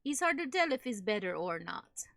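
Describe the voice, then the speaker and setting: Her voice is mid-range with vocal fry and a slight brightness, swinging widely in pitch at a normal speed. This woman streamer is doing a deadpan, playful bit as a broken-English speaker with a fake German accent, leaving out articles in clipped phrases. The audio is clean studio sound with no echo.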